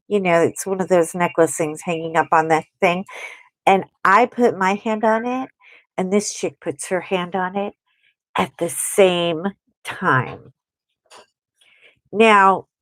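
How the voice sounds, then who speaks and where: A woman hosting a casual livestream, chatting and telling a story while she draws, animated and acting out quotes. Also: medium pitch, dry recording. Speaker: host.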